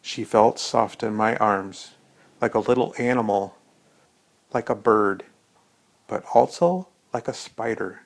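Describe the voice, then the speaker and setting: A man with a gravelly voice reading a first-person story in a slow, reflective way. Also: on the low side.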